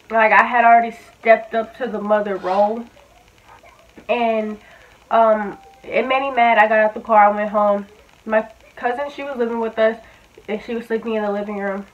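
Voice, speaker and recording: Blunt young woman with tinny audio. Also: fairly high pitch. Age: 20s. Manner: candid, filler-heavy and blunt, with casual swearing. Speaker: vlogger. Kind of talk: casual storytime.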